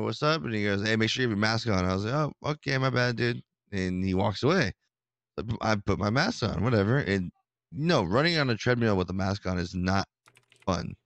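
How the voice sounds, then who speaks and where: A man telling a story in casual chat, rambling and animated, with many restarts. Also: lowish voice, clear, resonant tone, no echo. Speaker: podcast co-host telling a story.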